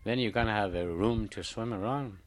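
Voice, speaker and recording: A man's voice: on the low side, a little fast. A man telling a traditional animal tale in plain, simple phrasing. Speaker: storyteller. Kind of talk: traditional oral storytelling.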